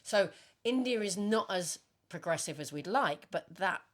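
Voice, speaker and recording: A woman's voice: medium pitch, animated, moderate pace. A woman co-hosting a podcast in casual chat, chatty and jokey, often breaking into laughter. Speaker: podcast co-host.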